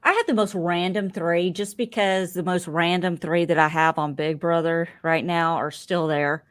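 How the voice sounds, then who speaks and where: An older woman co-hosting a casual podcast chat. She tells stories in a chatty, rambling, excitable way. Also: lowish voice, normal speed, smooth. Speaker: podcast co-host.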